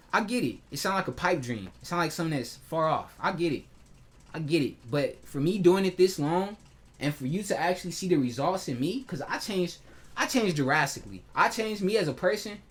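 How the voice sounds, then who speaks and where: A man's voice: a little high, lively intonation, fairly quick, a bit bright. A man venting in a personal vlog, heated and hurt, swearing freely and restarting his sentences often. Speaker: vlogger. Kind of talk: emotional personal vlog rant.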